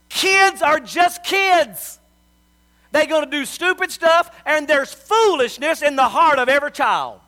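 A man's voice: very high-pitched, very animated, measured pace, sharp tone. A middle-aged man, preaching a sermon as a pastor and telling folksy stories.

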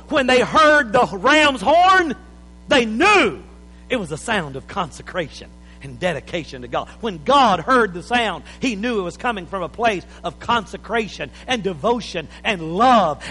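A man preaching an impassioned sermon in a church, building to shouts. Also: high voice, slightly rough, long reverb tail, rough recording.

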